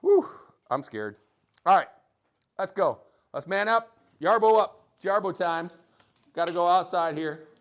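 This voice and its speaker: A man with a high, lively voice speaks a little slowly with long pauses as he hosts a casual live vlog. Standing outdoors in freezing wind and snow before a tripod camera, he chats and laughs with his viewers.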